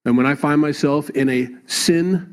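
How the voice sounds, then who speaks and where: A man's voice: fairly high pitch, fairly quick. Conversational preaching man, pastor. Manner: conversational preaching, rising emphatic at times. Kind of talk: sermon.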